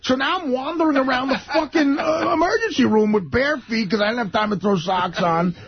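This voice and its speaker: A man, a regular on a radio show, telling a story in animated casual talk, acting out the quotes and laughing through it. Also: very high-pitched, a little fast, vocal fry. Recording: dull lo-fi radio broadcast.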